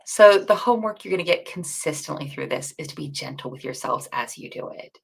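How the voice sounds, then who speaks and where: Animated co-host, woman, gravelly and expressive, chatty teacher. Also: deep voice. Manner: chatty, animated, self-deprecating, quick asides. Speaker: bootcamp co-host. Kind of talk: casual livestream teaching chat.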